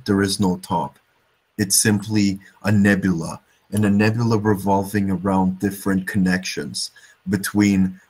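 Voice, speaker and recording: A man's voice: low voice, a little mellow, slightly rough. A man in his twenties in casual group talk, rambling about abstract ideas and tripping over repeated words. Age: 20s.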